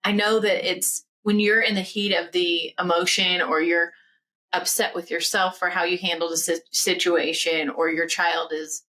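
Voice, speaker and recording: A woman's voice: on the low side, little pitch movement, normal speed, sharp tone, rough recording. A woman hosting a podcast interview, affirming her guest with frequent agreement. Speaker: podcast host. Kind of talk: conversational interview.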